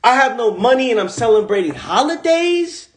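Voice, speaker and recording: A man's voice: very high-pitched, big pitch swings, normal speed. Emphatic Bronx man, echoey room. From the Bronx, New York. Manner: emphatic, repetitive, streetwise slang. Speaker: motivational coach. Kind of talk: livestream monologue. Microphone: phone livestream.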